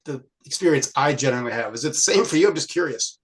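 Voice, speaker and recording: A man's voice: medium pitch, expressive, fast talker, rough recording. A man hosting a podcast, talking casually and thinking aloud about his own writing as an author. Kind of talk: casual chat.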